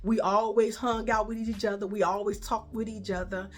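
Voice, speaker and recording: Telling a casual story, a talkative Chicago woman speaks at a normal speed in a mid-range voice with flat delivery. She tends to repeat herself and addresses viewers as y'all and baby.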